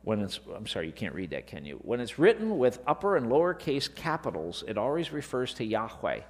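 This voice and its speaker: Animated preacher in an echoing hall. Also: male voice, medium pitch, brisk. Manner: animated, rhetorical questions. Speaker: Bible teacher. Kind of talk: sermon-style Bible lesson. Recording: long reverb of a large hall.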